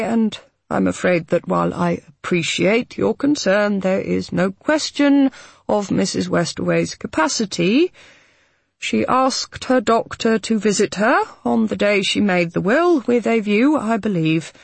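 Brief: woman reading as a prim, hesitant lawyer man, slow and gravelly. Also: medium pitch, dry recording, voice pushed up. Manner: diffident, awkward, overly polite. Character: diffident, formal male solicitor, middle-aged.

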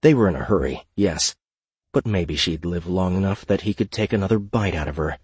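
A man narrating a fantasy audiobook in a steady, measured reading. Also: low-pitched, husky, dry recording.

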